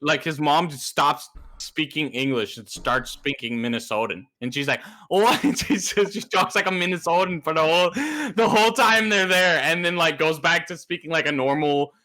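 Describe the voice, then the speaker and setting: A man with a bright, forceful voice, co-hosting a casual podcast. He tells stories in an animated way and leaps up in pitch when he imitates others. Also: normal speed, hardly any pauses. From New Mexico. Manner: animated storytelling, jumps high to mimic others. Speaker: podcast co-host. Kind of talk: casual chat.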